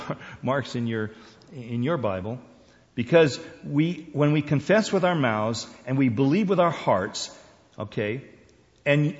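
An older man teaches scripture in a relaxed, folksy way, chuckling and circling back on his words. His voice carries a long reverb, as if from a large hall, and the sound is somewhat dull. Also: mid-range voice. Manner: folksy and chatty, with chuckles and restarts. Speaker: Bible teacher. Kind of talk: conversational Bible teaching.

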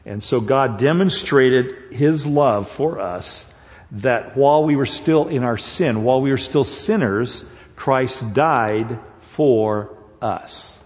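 Male preacher, slow, halting delivery, muffled lo-fi recording in a reverberant sanctuary. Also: mid-range voice, a little mellow. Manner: halting, many fillers and restarts; grows emphatic and repetitive at points. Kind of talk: sermon. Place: church sanctuary. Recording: dull lo-fi sound with long hall reverb.

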